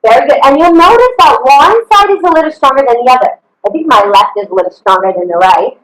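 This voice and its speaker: A woman's voice: high voice, expressive, quick pace, fairly bright tone, reverberant, poor audio. A woman fitness coach leading an online workout, upbeat and encouraging, counting reps and whooping, a little out of breath. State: slightly out of breath. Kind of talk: live online workout instruction.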